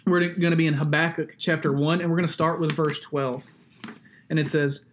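A man's voice: fairly high pitch, level tone, moderate pace. A young man from Alabama preaching a sermon in a conversational way, with stories and asides. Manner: conversational, uses sports stories and tag questions. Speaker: pastor.

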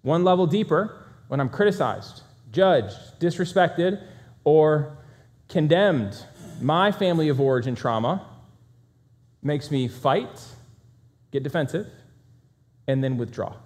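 A man giving a talk to a live audience, energetic and fast-talking, with self-deprecating humor. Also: on the high side. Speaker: speaker.

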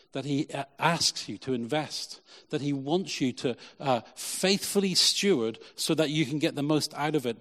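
A man preaching a lively sermon as pastor, then leading a prayer with many repeats of "Lord". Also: a little high. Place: church hall. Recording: long church hall reverb.

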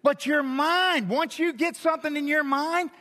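A middle-aged man preaches from the pulpit with a high, bright, ringing voice. He tells stories in an animated way and drops from loud bursts to a hushed, intimate tone. Long reverb from a large hall trails each phrase. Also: moderate pace. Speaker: pastor. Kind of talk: sermon.

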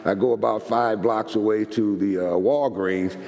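A man who is a pastor, telling a sermon story in an animated way, with sharp pitch swings and repeated words. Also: normal speed, creaky, big-room sound.

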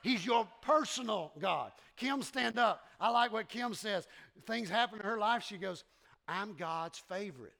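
A man preaching a sermon, animated and repetitive, leading the congregation in call-and-response in a church. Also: sits high, moderate pace, creaky. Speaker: pastor. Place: church sanctuary.

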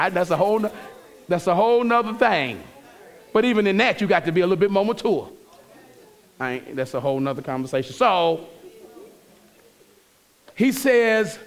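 High-voiced man preaching a lively sermon. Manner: preaching with dramatic quoted voices, playful asides. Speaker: pastor.

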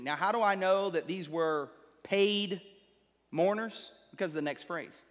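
A male pastor preaching a sermon. He builds up with rising emphasis, then drops low and slow to drive a point home. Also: a bit bright. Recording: long reverb of a large hall.

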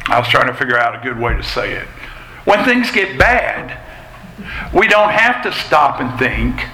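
Middle-aged male pastor, bright conversational sermon voice, roomy church echo. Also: mid-range voice, big pitch swings, moderate pace, slight background noise. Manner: conversational, folksy preaching with asides. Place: church sanctuary. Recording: echoey church hall, faint ambience.

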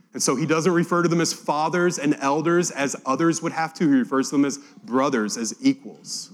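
A man preaching a Bible-teaching sermon, reading scripture aloud and acting out the quotes with animation. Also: a little high. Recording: long hall reverb.

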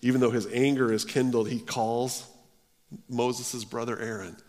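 A man's voice: mid-range voice, level tone, measured pace, darkish tone. Man preaching in a reverberant hall. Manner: earnest preaching with repeated restarts and stammered phrases. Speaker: pastor. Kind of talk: sermon.

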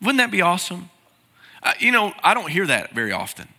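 A man's voice: sits high, wildly swooping pitch, a little fast, gravelly, bright, forceful tone. A man preaching a sermon as pastor, earnest and pleading. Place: large church sanctuary. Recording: reverberant sanctuary sound.

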